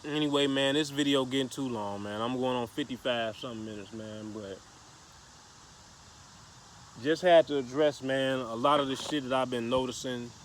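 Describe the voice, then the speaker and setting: A man's voice: mid-range voice, moderate pace, a little hiss or hum. A man casually telling a story to the camera, profane and slangy, rambling with restarts. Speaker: vlogger.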